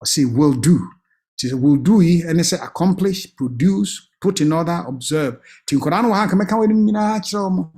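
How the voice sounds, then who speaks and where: A man's voice: high-pitched, expressive, fairly quick, hardly any pauses, a little mellow. A man with a Ghanaian accent, giving an earnest and emphatic family life talk at church.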